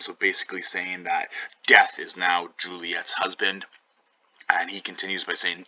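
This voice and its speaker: A very deep-voiced man with a bright, sharp edge casually explains a play to his class. The recording sounds dull and lo-fi. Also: monotone, moderate pace. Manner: casual, paraphrases in modern slang. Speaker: teacher. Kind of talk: reading aloud and explaining a play.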